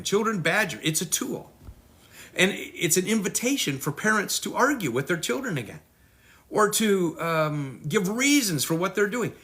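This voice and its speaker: A middle-aged man giving a parenting lesson, acting out children and parents in quick voices. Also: sits high, sharp tone. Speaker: parenting teacher. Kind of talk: teaching talk.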